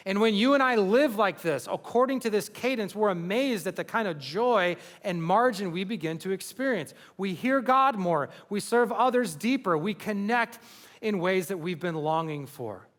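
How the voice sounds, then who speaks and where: A man's voice: sits high, expressive, normal speed, a bit bright, in a large hall. A man preaching a sermon as pastor, earnest and building to passionate emphasis. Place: large church hall.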